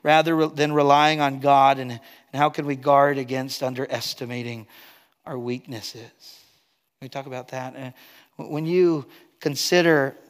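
A man preaching a sermon as pastor, earnest, swinging between loud emphatic stretches and quiet, low asides. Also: steady tone, measured pace, smooth, in a large hall. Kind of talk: expository sermon.

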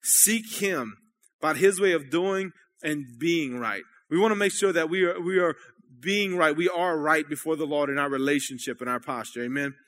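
A man preaching in a church service, his voice sitting high and ringing bright. He talks to the congregation like friends, asking "amen?" and checking they're still following. The delivery is loose and conversational rather than formal. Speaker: pastor. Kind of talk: sermon.

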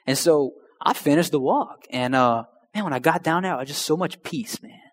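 A man's voice: fairly high pitch, normal speed. A young man telling his personal testimony in a slangy, conversational way that addresses the crowd directly. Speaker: speaker sharing a testimony. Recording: long hall reverb.

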